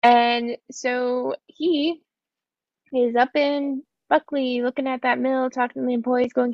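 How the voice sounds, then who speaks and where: A woman casually recapping a book, swearing and acting out the characters in quick mock dialogue. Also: high-pitched, little pitch movement, no room sound, highs cut off.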